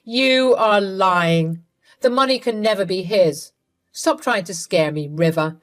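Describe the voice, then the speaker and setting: A woman's voice: a little slow, natural voice. A woman reading a story aloud, voicing a thieving, scheming older mother-in-law in a scornful tone. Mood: dismissive. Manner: scornful, then pleading and shrill.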